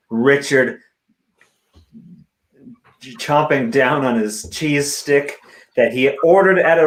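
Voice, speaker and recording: A man performing improv comedy, narrating a made-up story in a playful, drawn-out way. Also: medium pitch.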